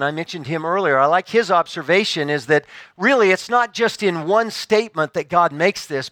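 Guy preaching a sermon, bright high voice, dry close sound, slows way down on the big lines. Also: dry recording. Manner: slows down to stress key phrases, measured and earnest.

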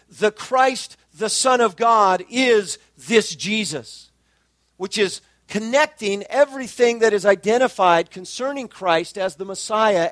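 A man preaching an expository sermon, measured and emphatic, slowing down to stress key phrases. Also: sits high, no room sound. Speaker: pastor.

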